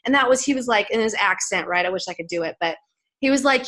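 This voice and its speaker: Bright-voiced woman giving a fired-up testimony. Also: sits high, fast. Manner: emotional, earnest, building to fired-up preaching; chatty, many "like"s and "you guys". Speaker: speaker at a sales team event. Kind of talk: motivational faith testimony speech.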